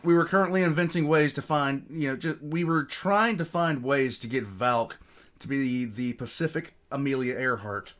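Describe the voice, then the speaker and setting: A man's voice: medium pitch, moderate pace, a bit bright. A man hosting a reaction stream, chatting casually and mocking himself with lots of filler words. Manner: rambling, self-mocking, many ums. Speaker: reaction channel host. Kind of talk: casual chat. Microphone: streaming mic.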